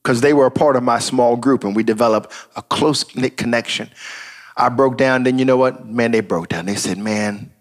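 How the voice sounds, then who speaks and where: A man preaching in an easy, conversational way, spinning a personal story with asides and repeated "praise God." His voice sits in a middle pitch for a man. He sounds like a pastor talking to a live-stream congregation. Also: normal speed. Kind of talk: sermon storytelling.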